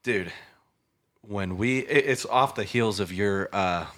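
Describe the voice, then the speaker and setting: A man's voice: on the low side, slow pace, a bit bright. A young man hosting a casual chat show, telling a story in a laid-back way, often saying "dude" and "bro" and laughing. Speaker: podcast host.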